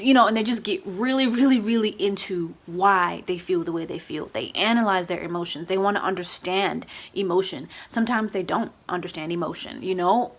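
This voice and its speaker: A woman casually explaining astrology in a vlog, chatty, often adding "you know" and "right?", and acting out quoted moods in lively voices. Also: medium pitch. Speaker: astrology YouTuber.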